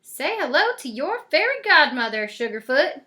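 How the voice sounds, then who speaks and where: A woman voicing a brisk, bossy old cowgirl fairy godmother with a folksy Western drawl. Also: high-pitched, very animated, pushed and bright, full character voice. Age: older.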